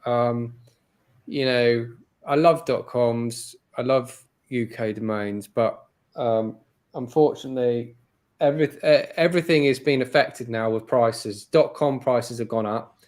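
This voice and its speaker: A man's voice: mid-range voice, unhurried, a little mellow. Chatty British man, guest on a show. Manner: chatty, heavy with "you know" and "like" fillers. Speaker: interview guest, domain investor. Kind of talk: casual interview chat.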